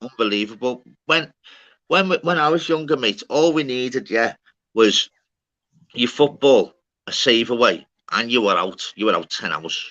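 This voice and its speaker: A man, chatting casually with a friend as host of a livestream, slangy and loud. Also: medium pitch, animated, a little slow, muffled recording.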